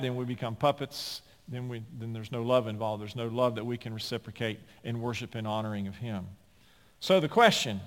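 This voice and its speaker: A male pastor delivering a sermon, swinging between emphatic loud passages and hushed quiet ones. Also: medium pitch. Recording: long reverb of a large hall.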